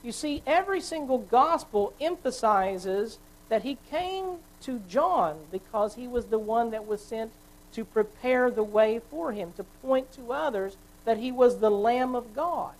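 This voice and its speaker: A woman preacher giving a sermon, explaining at a measured pace and correcting herself as she goes. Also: fairly high pitch, expressive, a little mellow, poor audio.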